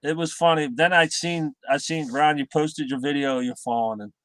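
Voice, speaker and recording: A middle-aged man chatting casually as a guest, halting and repeating his words as he tells stories. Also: on the high side, fairly even intonation, fairly bright tone, no room sound. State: recovering from heart surgery. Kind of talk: casual chat.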